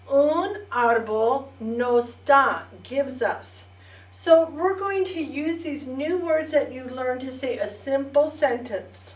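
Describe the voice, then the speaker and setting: A middle-aged woman teaching a bilingual children's lesson, repeating words clearly and prompting the listeners to say them back. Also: sits high. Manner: slow, clear repetition with call-and-response prompts. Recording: echoey room, distant mic.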